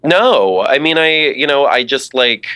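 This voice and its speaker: Podcast guest, young man, animated bright voice, chatty with lots of fillers. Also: mid-range voice, unhurried, smooth. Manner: lively, many fillers and restarts. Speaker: podcast guest, drag performer. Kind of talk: casual interview chat.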